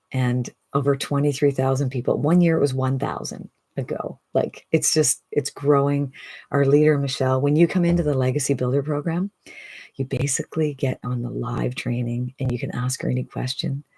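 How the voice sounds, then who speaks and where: A woman in her sixties giving an enthusiastic, persuasive direct-to-camera sales pitch as an online business coach, often asking "right?". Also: dark tone, breathy edge. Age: 60s.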